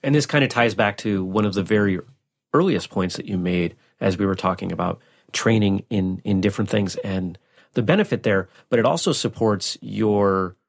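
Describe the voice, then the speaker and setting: A man hosting a podcast interview, asking measured, reflective questions. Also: on the low side, creaky. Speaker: podcast host.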